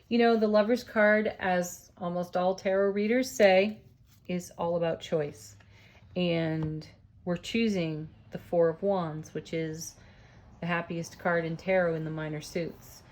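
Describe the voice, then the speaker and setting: A woman reading tarot cards for her viewers, gentle and soothing, often laughing and marveling at the cards. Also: on the low side. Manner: awed and excited at the cards. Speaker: tarot reader.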